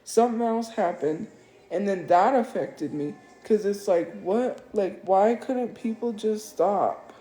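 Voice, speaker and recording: A woman's voice: mid-range voice, takes it slowly, mellow. Upset woman livestreaming in an echoey room. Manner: upset, defensive, repeats herself. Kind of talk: emotional live-stream monologue. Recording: echoey room, faint music.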